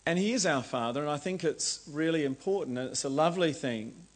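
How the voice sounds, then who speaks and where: A man's voice: a little high, animated, fairly quick. A man preaching a sermon in an earnest way, lifting his voice for the words he quotes. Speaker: lay preacher.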